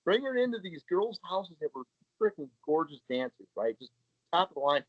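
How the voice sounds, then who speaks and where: A man's voice: a little high, sing-song, a little fast, no echo. A man telling stories frankly and chattily in a casual podcast interview, swearing freely. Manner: frank, profane, chatty, often acting out quoted voices. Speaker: podcast guest. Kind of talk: casual storytelling conversation. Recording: slightly muffled, dry podcast audio.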